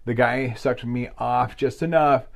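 A man's voice: medium pitch, steady tone, unhurried, gravelly. Rambling, candid man telling stories. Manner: rambling, full of fillers and asides. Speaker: podcast co-host. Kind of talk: casual storytelling chat.

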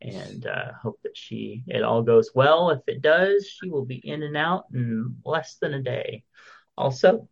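A man co-hosting a podcast, talking slowly with a gravelly edge and a lively, swinging pitch. His voice comes through a dull, slightly lo-fi recording. He chats casually while reading out birthdays and listener notes. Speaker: podcast co-host. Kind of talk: casual chat.

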